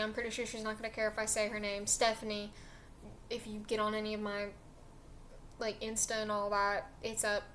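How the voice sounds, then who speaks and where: A woman's voice: a little high, pushed and bright, a little hiss or hum. A young woman casually telling a personal story in a chatty, emotional way with lots of fillers.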